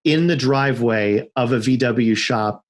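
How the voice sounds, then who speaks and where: A middle-aged man, a podcast guest, telling a story in a casual, animated way and acting out the quotes in it. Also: medium pitch, measured pace. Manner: animated, acts out shouted quotes in his stories. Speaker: podcast guest, car owner.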